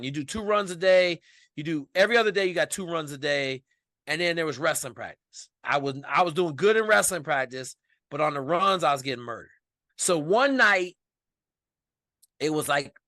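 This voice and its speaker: A man from Washington state, a podcast guest telling a story in casual, animated, profane speech. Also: on the high side, dry recording, studio quality.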